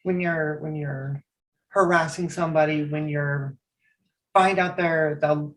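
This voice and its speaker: A woman's voice: low voice, steady tone, measured pace. A woman in her thirties from Eastern Oregon, a guest in a casual interview, speaking earnestly and restarting her sentences.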